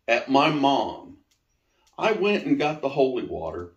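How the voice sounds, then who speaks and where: A middle-aged man, the host's father, telling a personal story in a casual, animated way and swearing now and then. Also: mid-range voice, measured pace, highs cut off. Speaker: interviewee, father of the host. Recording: roomy echo.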